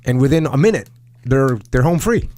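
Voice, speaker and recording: A man's voice: medium pitch, lively intonation, moderate pace, a little mellow, no echo. A man hosting a podcast, telling a military training story casually with lots of jargon and restarts. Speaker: podcast host.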